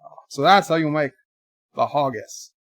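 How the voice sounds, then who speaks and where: A man hosting a casual livestream, rambling through deadpan joke answers to viewer messages in a put-on mock accent. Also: on the high side, moderate pace, no room sound, studio quality. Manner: rambling, jokey deadpan nonsense. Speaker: livestream host.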